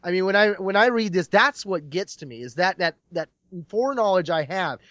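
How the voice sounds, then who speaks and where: A man's voice: high-pitched, expressive, a little fast, a bit bright, no echo. A man in casual chat, retelling a comic scene with emotion and acting out lines. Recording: dull lo-fi dry sound.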